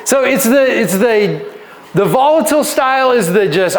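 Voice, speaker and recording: A male pastor with a notably high, animated voice teaches a seminar on relationships. He talks casually and conversationally, jokes with his listeners, laughs often, and keeps checking in with a quick "right?".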